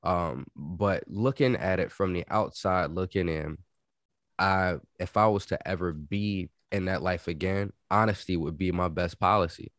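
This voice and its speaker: A man co-hosting a podcast in casual chat, blunt and slangy, jumping in with quick reactions. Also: sits low, a bit bright, dry recording, clean studio sound. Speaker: podcast co-host.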